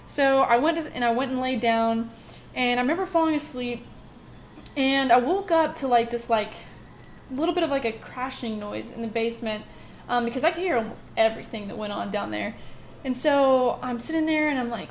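A woman's voice: a little high, normal speed, a little hiss or hum. A woman telling a personal ghost story in a casual, rambling way, full of filler words and restarts, as host of a gaming channel.

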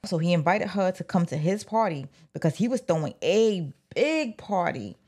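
A woman casually retelling an old scandal from a book, animated and slangy, talking straight to her viewers. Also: lowish voice, moderate pace, breathy edge. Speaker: book commentator. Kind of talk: casual storytelling.

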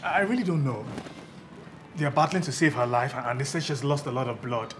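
An actor playing a worried husband, speaking with a Nigerian English accent in a tender, pleading way. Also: male voice, mid-range voice, fairly quick, music in the background, lightly acted. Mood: anxious. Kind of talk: film acting. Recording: film score under the voice.

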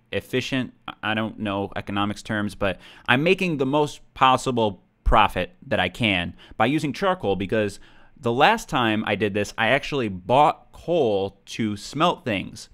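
Young male gaming host, smooth clear voice, chatty and self-deprecating commentary. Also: mid-range voice, fairly bright tone. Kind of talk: video game commentary.

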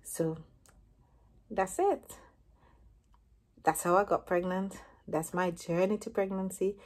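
A woman in her thirties speaks to camera in a relaxed, mellow tone at an ordinary pitch. She tells a personal story in a casual vlog, bringing it to life by acting out what each person said. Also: unhurried. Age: 30s. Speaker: vlogger.

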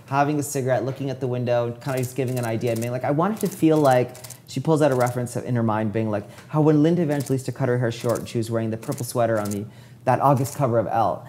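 A man in his forties talks at a quick clip as an interview guest. He tells his story in a lively way and slips into the voices of the people he quotes. His voice sits at a middle pitch for a man. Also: a little hiss or hum. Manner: lively storyteller who acts out quoted dialogue. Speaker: hair stylist, interview guest.

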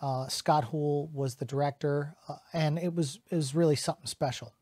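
A middle-aged man who is a voice actor, chatting casually to camera in an animated way and slipping into quick character voices. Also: on the high side, no room sound.

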